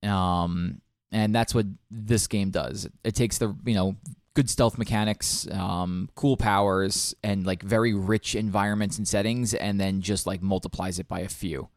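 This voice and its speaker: A man's voice: fairly low pitch, steady tone, a little slow, no room sound, studio quality. A young man co-hosting a podcast, chatting casually and rambling with lots of ums and restarts. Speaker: podcast co-host. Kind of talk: casual chat about video games.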